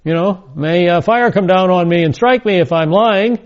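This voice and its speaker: A man's voice: sits high, normal speed, voice pushed up, natural voice. A man acting out a frightened male disciple who insistently swears he is telling the truth. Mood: emphatic. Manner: emphatic, insistent. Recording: dull lo-fi recording.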